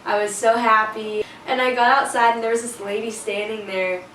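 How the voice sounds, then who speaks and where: Her voice sits on the high side, a bit bright, with little pitch movement and normal speed. This teen vlogger shares a storytime casually, peppering it with fillers and awkward laughs, recorded in a roomy space that's a bit distant with faint noise.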